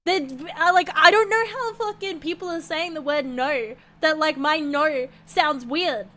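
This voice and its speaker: A woman's voice: high voice, unhurried, fairly bright tone. An Australian woman streaming a game, chatting casually, swearing freely and laughing often.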